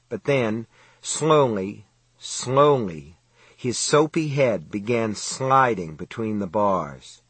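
A man reads a novel aloud in a measured, dramatic way. His voice is husky, and the recording is close and dry with no room sound. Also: medium pitch, dry recording. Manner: steady, measured, dramatic reading. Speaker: audiobook narrator. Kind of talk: scripted narration.

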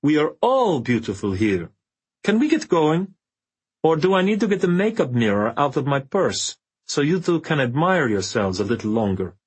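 A man's voice: on the high side, sing-song, moderate pace, breathy edge, voice pushed up. A man reading aloud, voicing a scornful, powerful woman with a venomous, mocking tone.

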